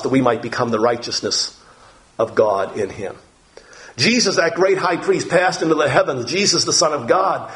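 Male preacher teaching from scripture, fairly high voice with lively, swooping pitch. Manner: animated, reads scripture aloud and explains it. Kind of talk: Bible teaching.

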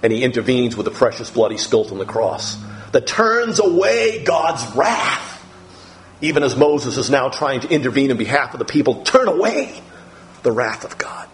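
Animated male preacher with lively pitch. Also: moderate pace, slight background noise. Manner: animated, acts out quoted speech with big pitch jumps. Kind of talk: expository sermon reading scripture.

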